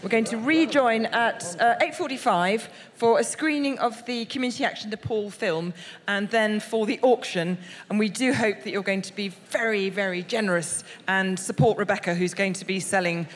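A woman's voice: mid-range voice, normal speed, few pauses. A woman hosting a live evening, making slightly flustered announcements to the audience. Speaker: event host. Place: large lecture hall. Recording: hall with long reverb and audience.

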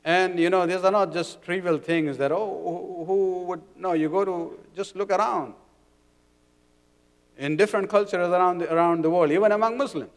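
A man delivering a sermon in a community centre hall, his voice somewhat high for a man and smooth, clear and resonant. He explains things patiently, restarts often and mixes Arabic terms into his speech. A long reverb from the hall trails behind his words. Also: moderate pace. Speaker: religious lecturer.

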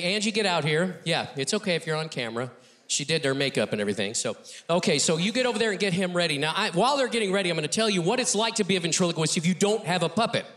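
A middle-aged male ventriloquist doing a comedy routine on a TV talk show stage. He is animated and often chuckles between lines. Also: a little high, background noise. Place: TV studio stage with audience.

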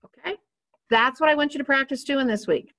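Woman teacher slowly walking you through clarinet basics, fairly high voice, patient. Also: a bit bright. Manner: patient, instructive, demonstrating as she talks. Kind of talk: step-by-step music lesson.

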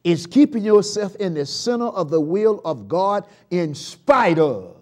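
A man preaching a live church sermon, swinging from loud shouts down to hushed murmurs and leading the congregation in call-and-response chants. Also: high-pitched, very animated, a little slow. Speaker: pastor. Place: church sanctuary.

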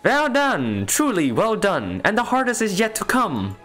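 A man voicing a brisk, bossy woman camp leader in a sing-song, patronizing way. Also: high-pitched, huge pitch swings, creaky, sharp tone, soft background music, voice pushed up, heavily acted.

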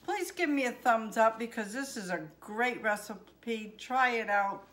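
A woman's voice: on the high side, unhurried, fairly bright tone. Chatty older woman from Maine. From Maine, USA. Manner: chatty, homespun, talks to viewers as folks. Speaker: home cooking vlogger. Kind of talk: casual cooking demonstration. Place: home kitchen.

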